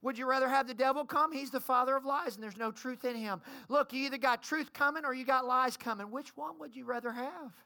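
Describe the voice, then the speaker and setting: A woman preaches to her congregation with urgent, pleading passion. Her voice sits high and rings sharp and bright, and it climbs into shouts. It is a fiery church sermon. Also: brisk, hardly any pauses. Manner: impassioned and pleading, rising to shouts. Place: church service.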